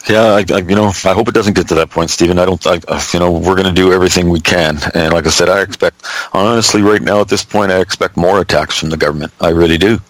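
A man's voice: low voice, fairly even intonation, fast talker, dry recording, poor audio. A man in his sixties hosting a casual call-in talk show, folksy and blunt, calling his guest buddy. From Canada. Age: 60s.

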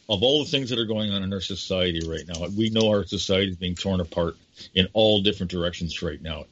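An older man hosting a talk show, rambling and impassioned, often calling his guest by name. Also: deep voice. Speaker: radio show host. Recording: dull lo-fi audio.

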